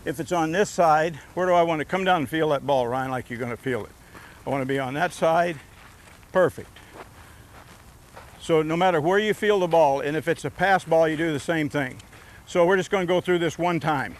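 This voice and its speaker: A man's voice: on the high side, normal speed. A man coaching a youth baseball team outdoors, giving short, encouraging instructions during drills.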